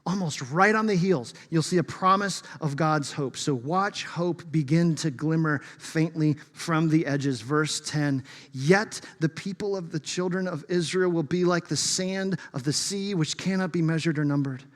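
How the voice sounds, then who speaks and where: A man's voice: a little high, a little slow, few pauses. Emphatic male pastor in a reverberant hall. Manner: emphatic, swings from loud to hushed. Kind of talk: sermon. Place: church sanctuary. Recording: long reverb of a large hall.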